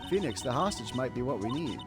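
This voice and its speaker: A man's voice: mid-range voice, sing-song, quick pace, close to an everyday voice. Brief: man voicing a young female sidekick, urgent, plain read, game music behind. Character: eager young woman spirit medium sidekick. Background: video game music.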